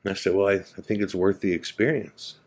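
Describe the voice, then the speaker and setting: A podcast host, a man, slowly and quietly retelling a heartfelt conversation, quoting both sides. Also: sits low, steady tone. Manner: slow, quiet, reflective retelling with quoted dialogue. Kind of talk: emotional personal storytelling.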